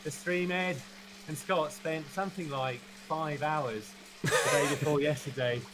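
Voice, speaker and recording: A man's voice: fairly high pitch, unhurried, a loud crowd, low-quality recording. A man co-hosting a live stream, chatting in a jokey, playful way. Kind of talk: casual chat.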